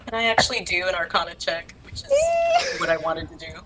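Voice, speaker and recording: A woman playing in a tabletop game, chatting casually in an animated, excitable way. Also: medium pitch, a little fast, noisy background. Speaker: player.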